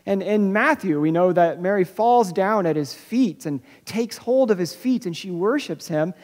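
A pastor preaches an Easter sermon in a church sanctuary, and the voice hangs in a long, ringing hall reverb. The delivery is searching and unpolished, with phrases restarted and words doubled before key lines are slowed for weight. The pitch sits in an ordinary middle range. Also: expressive, darkish tone. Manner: searching, repeats words and restarts, slows for emphasis.

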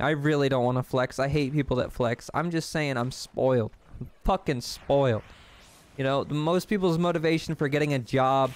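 A young man in a rambling, self-deprecating confessional vlog, swearing often while he plays a game at his desk. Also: medium pitch. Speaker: gaming vlogger.

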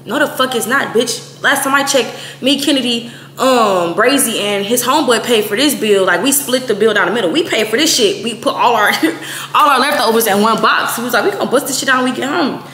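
A woman in her twenties, from Texas, telling a story in a blunt, profane, animated way, quoting people as she goes. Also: on the high side, fairly quick. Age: 20s. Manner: blunt, profane, animated retelling with quoted voices. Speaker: vlogger. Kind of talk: casual storytime. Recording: echoey room, faint noise.

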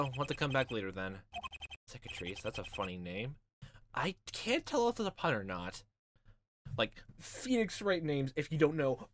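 A man's voice: mid-range voice, a bit bright. A man giving rambling, joking casual commentary while playing through a story game. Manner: rambling, filler-heavy, joking. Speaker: let's-play host. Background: game music.

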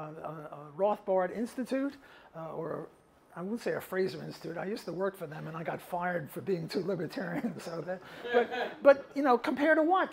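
Animated older male economist speaker. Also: sits high, slight background noise. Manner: emphatic, animated, chuckling asides. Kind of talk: answering audience questions at a talk. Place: event venue before a live audience.

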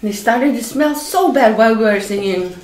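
A woman's voice: a little high, normal speed. A woman from Northeast India who is a food vlogger, telling funny stories with a laugh while eating at home. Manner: laughing, animated storytelling. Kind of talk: casual storytelling over a meal. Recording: echoey room, faint clatter of dishes.

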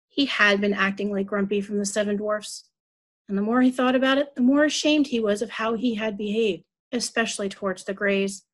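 A woman reading a children's story aloud at a church service, telling it evenly and clearly. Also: medium pitch.

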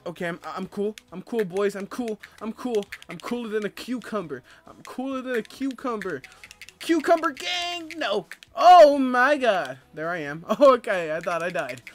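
A young man giving casual gameplay commentary as a let's player, with loud excitable outbursts and a lot of laughing. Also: high-pitched, moderate pace, hardly any pauses. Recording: faint game music behind.

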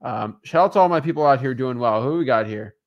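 Brief: male co-host, casual upbeat stream chat, mid-pitched voice, frequent shout-outs. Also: animated, quick pace, vocal fry, highs cut off. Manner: upbeat, giving shout-outs, many fillers. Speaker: co-host of a wholesaling livestream.

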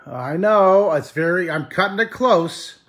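A man with a bright, forceful voice that sits a little high for a man. He chats in an excitable, rambling way as he greets viewers on a live stream. The sound comes from a handheld phone in a house. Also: unhurried. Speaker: drawing teacher. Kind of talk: live-streamed casual chat. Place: living room of a friend's house. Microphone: handheld camera phone.

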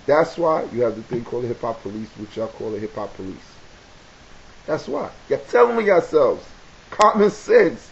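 A man with a New York accent giving a casual advice talk to camera, animated and preachy, repeating key points for emphasis. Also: mid-range voice, moderate pace, vocal fry. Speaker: video blogger. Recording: dull lo-fi webcam audio with faint hiss.

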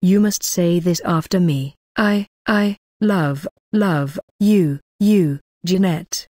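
Woman voicing an effusive young man in love, audiobook read, lowish voice, dry close sound. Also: slow, a little mellow, dry recording. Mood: ardent. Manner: effusive, poetic declarations.

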